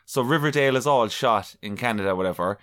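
A young adult Irish man telling an embarrassing story on a podcast, animated and swearing freely. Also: mid-range voice, fast talker. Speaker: podcast co-host. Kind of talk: casual storytelling chat.

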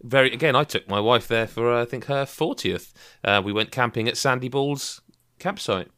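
A man's voice: medium pitch, normal speed, smooth. A man hosting a casual podcast chat, teasing his co-hosts as he reads out listener questions. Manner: lively, teasing, leads the questions. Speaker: podcast host.

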